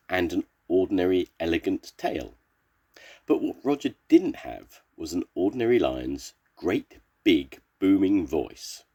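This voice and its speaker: Slow gravelly older storytelling man. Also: deep voice. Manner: slow, expressive storybook reading. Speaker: storyteller grandfather. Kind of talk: reading a children's story aloud.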